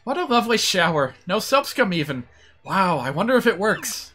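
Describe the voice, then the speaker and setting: A man voicing a curious, spirited young princess in a raised, lively voice. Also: normal speed, soft background music, exaggerated voice. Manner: lively, higher put-on voice.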